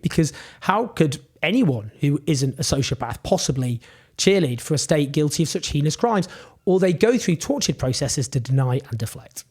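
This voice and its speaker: A man's voice: on the high side, darkish tone, breathy edge. A man giving indignant scripted political commentary, emphatic and full of rhetorical questions.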